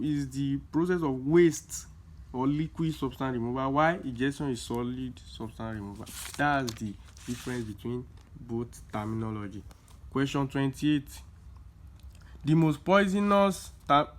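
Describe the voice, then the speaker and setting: A young man, tutoring students through exam questions in a casual lesson, repeating key points with emphasis. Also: on the high side. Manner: explains slowly with many repeats, emphatic.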